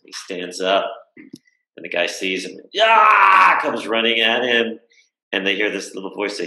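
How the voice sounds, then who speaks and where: Man, guest on a video call, reflective storytelling, crisp bright tone, roomy echo. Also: sits low, sing-song, normal speed. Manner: thoughtful, with frequent fillers and rhetorical "right?". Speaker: guest speaker.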